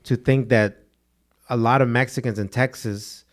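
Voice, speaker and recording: A man's voice: medium pitch, fairly even intonation, moderate pace. A young man co-hosting a podcast, telling stories in loose, slangy talk with "dude" and Spanish words mixed in. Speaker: podcast co-host. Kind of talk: casual podcast chat.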